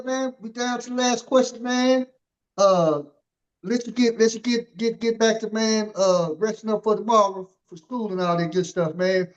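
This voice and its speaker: A man's voice: sits high, muffled recording. A man hosting a casual interview, rambling and filling his talk with "you know" and "man". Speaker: podcast host.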